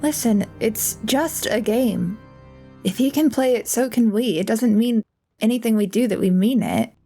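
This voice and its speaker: A woman playing in a tabletop role-playing game, speaking calmly and placatingly in character. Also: on the high side, moderate pace, faint music behind. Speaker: player.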